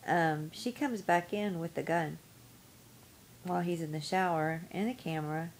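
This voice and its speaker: Rambling woman with a lowish voice. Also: moderate pace, slight background noise, low-quality recording. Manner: rambling, many ums and you-knows. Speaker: vlogger. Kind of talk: casual storytelling to camera.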